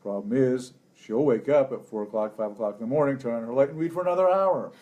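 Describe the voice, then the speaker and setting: Man, guest co-host. Reflective storyteller, lots of "uh"s, mid pitch. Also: fast, mellow, lo-fi sound. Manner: reflective, storytelling, many fillers. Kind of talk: casual chat. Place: indoors at a family vacation spot.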